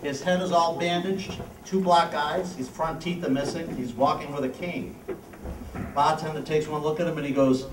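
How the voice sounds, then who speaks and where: A man's voice: a little high, fairly even intonation, moderate pace, slight background noise. A man entertaining at a senior center party, telling jokes in a chatty storytelling manner and chuckling at his own punchlines. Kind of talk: live stand-up joke telling. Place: large hall at a senior center. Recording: echoey hall, distant mic, music. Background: music.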